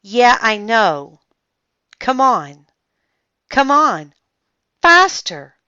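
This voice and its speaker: A woman's voice: medium pitch, expressive, slow, a bit bright, no room sound. A woman voicing a cautious, grumbling young boy in a storybook reading, with a tense, exasperated manner. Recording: dull lo-fi sound.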